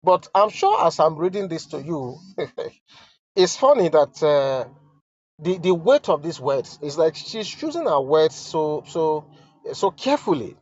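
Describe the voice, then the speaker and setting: A Nigerian man giving emotional, halting commentary while reading a letter aloud, stammering and sighing as he repeats himself. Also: on the high side, sing-song, dull audio. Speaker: online commentator.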